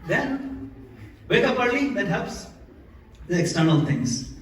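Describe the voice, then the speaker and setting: A man's voice: high voice, sing-song, slow pace, recorded from a distance. A man giving a sermon in a temple hall, asking the audience questions and demonstrating how to chant. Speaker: temple lecturer. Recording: echoey hall, recorded from afar.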